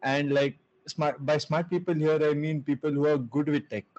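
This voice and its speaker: Casting note: young man from India, slightly high voice, muffled lo-fi video-call line. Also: steady tone, moderate pace, darkish tone. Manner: laid-back, laughs often, searches for words. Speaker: guest entrepreneur. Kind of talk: casual video-call interview.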